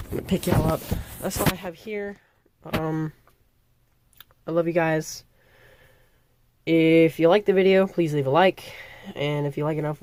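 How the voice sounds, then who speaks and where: A woman's voice: low voice, warm tone. A woman vlogger talking to camera in a casual, rambling rant, often correcting herself. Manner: rambling, self-correcting, chatty.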